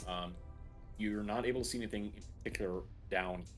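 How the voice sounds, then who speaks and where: Low-voiced man narrating a tabletop game. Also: a little fast, soft background music. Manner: relaxed describing with fillers. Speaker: game master.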